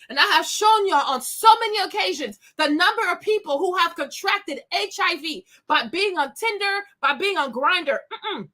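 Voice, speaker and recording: A woman's voice: very high voice, pushed and bright. A woman hosting a commentary show, ranting bluntly and scathingly with bursts of laughter. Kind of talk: opinionated commentary rant.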